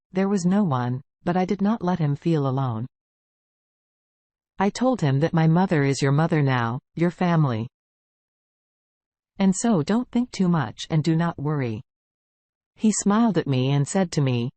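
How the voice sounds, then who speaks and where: A woman telling a first-person story in a plain, even way. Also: sits low, dry recording. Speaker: story narrator.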